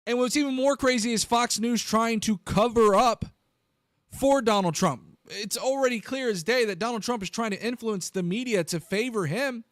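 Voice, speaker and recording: A man hosting a live political commentary stream, animated and incredulous, talking straight to his viewers. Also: very high-pitched, moderate pace, dry recording, studio quality.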